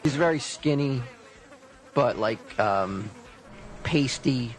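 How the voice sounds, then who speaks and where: A man's voice: mid-range voice, slow pace, low-quality recording. A man hosting a stream, telling a story casually, swearing and acting out both sides of the conversation. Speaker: stream host.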